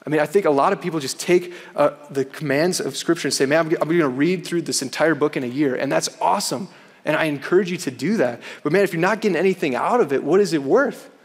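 A man's voice: a little high, fast talker, husky. A young man giving an earnest chapel sermon to students, often saying "man". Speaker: campus chapel speaker. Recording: hall reverb.

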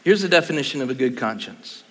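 A man's voice: medium pitch, expressive, fast, a bit bright, a little hiss or hum. A man in his sixties preaching a conference sermon, telling stories animatedly and with humor. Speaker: pastor. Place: large conference hall. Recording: long hall reverb.

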